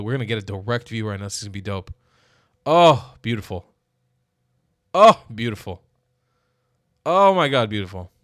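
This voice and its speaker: Male vlog host, smooth voice, dry close sound, blunt and profane reactions. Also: mid-range voice, no echo. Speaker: political commentator, channel host. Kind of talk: casual reaction commentary.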